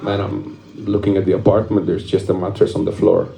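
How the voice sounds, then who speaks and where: A man's voice: low-pitched, level tone, fairly quick, gravelly, reverberant, a crowd in the background. A young man performing a stand-up comedy set, telling a rambling story, laughing at his own jokes and swearing casually.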